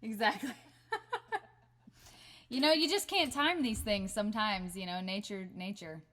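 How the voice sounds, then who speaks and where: A woman in a band hosts its livestream from home over a webcam, chatting casually with lots of laughter and fillers. Her mid-range voice is fairly bright and a little slow.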